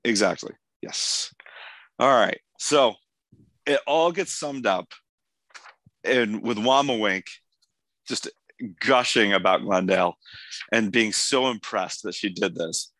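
A man with a hoarse voice hosting a podcast, chatting enthusiastically about an episode with many restarts. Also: lowish voice, takes it slowly, long pauses, fairly bright tone, dry recording. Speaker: podcast host. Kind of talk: casual episode discussion.

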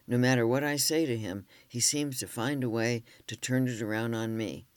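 An earnest, frustrated wife speaking plainly, as a male reader voices her. The voice stays at mid pitch in a dry, close recording. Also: steady tone, moderate pace, smooth, no echo, lightly acted. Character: frustrated wife explaining calmly.

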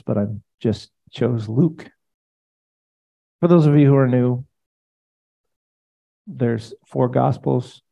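A man pastor teaching in a casual, conversational way, animated and rambling, often speaking prayers aloud. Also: mid-range voice, creaky, low-quality recording.

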